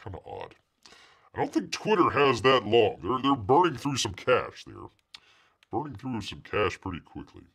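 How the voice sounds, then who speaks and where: A middle-aged man chats loosely through a live comics news show, sarcastic and full of asides. His voice sits at an ordinary middle pitch but swoops wildly up and down from one phrase to the next. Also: huge pitch swings, normal speed, creaky, fairly bright tone, slightly rough. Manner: sarcastic, rambling, refers to himself as Bear. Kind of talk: casual livestream chat.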